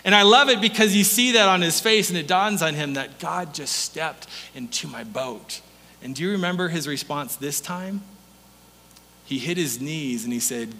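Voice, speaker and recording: Lively bright-voiced male pastor preaching. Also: a little high, moderate pace, big-room sound, a little hiss or hum. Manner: animated storytelling, acts out voices, laughs often. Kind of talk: sermon.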